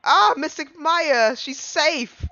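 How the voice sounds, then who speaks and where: A man voicing an earnest little girl from a courtroom game, reading her lines aloud in a high, breathy voice. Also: slow pace, bright, forceful tone, lo-fi sound, exaggerated voice.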